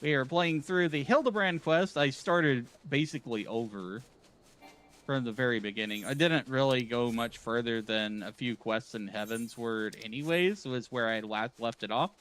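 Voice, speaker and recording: A man's voice: medium pitch, normal speed, a bit bright. A man streaming a game, reacting with incredulous, laughing comments as he plays. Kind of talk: casual gaming stream commentary.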